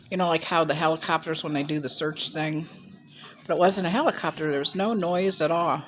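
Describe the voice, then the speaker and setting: A woman's voice: fairly low pitch, slight background noise. A woman in her sixties from Ohio, telling a rambling personal story to camera on a handheld phone, with chatty asides as she eats. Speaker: mukbang vlogger.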